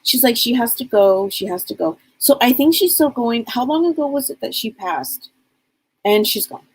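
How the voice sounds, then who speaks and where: A woman's voice: fairly high pitch, animated, normal speed, husky, no room sound, low-quality recording. A woman psychic medium giving a live reading, chatty and rambling as she passes on what spirits tell her.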